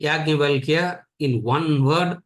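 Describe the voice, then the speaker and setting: A man's voice: fairly high pitch, slow. A man with an Indian accent teaching a spiritual lecture class, repeating points emphatically and teasing his students. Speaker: Vedanta teacher.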